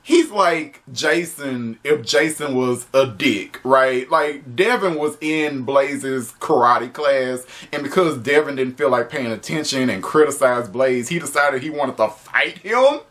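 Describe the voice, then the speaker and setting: A man reviewing a show on video in a loose, chatty way. He is animated, laughs often and swears freely, at a middling pitch for a man. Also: a little slow, hardly any pauses. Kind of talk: casual spoken review.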